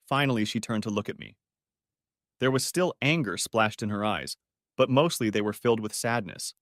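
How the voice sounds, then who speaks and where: A man's voice: fairly low pitch, moderate pace, no room sound, studio quality. A man narrating a reflective, emotional first-person audiobook story.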